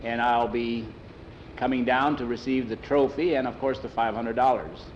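A man voicing a sly, scheming boss who speaks in a smooth manner. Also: mid-range voice, steady tone, moderate pace, dull audio, a little hiss or hum, lightly acted.

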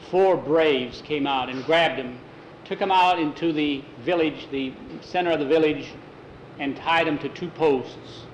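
A man with a slightly higher voice spinning an adventure tale in an easy, homespun way, stopping now and then to fix a word. It sounds like a home tape: roomy, dull and lo-fi, with a faint hiss. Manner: relaxed, homespun, self-correcting. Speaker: storyteller. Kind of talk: improvised adventure story read aloud.

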